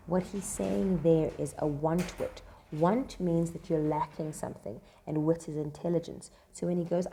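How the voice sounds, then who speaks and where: Low, mellow-voiced woman tutor. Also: steady tone, normal speed, gravelly. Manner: chatty, many fillers, asks "right?". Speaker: literature tutor. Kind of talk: casual explanatory lesson with read-aloud quotes. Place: classroom with noise around.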